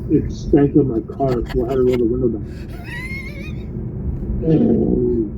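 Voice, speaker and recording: With a creaky mid-range voice at a measured pace, this rideshare driver animatedly relates a wild story from his car, quoting riders and saying "bro" again and again. The highs are cut off, and there is background noise.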